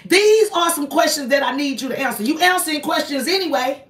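A woman's voice: high-pitched, expressive, a little fast, a bit bright. A woman hosting a confrontational live stream, hammering one person with repeated accusing rhetorical questions and calling on God. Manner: preachy, invokes God. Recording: roomy echo, voice distant from the mic.

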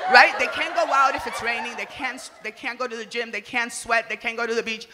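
A woman from the Republic, doing a crude, loud stand-up comedy set and shouting her punchlines. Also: on the high side, steady tone, a little fast, a crowd in the background. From Dominican Republic. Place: comedy stage before an audience. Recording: reverberant live venue, faint ambience.

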